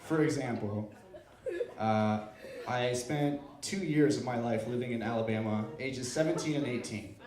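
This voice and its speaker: A man's voice: mid-range voice, moderate pace, roomy sound, recorded from a distance. A man from Iowa doing an open-mic stand-up set in a comedy club, playful and self-deprecating as he works the crowd.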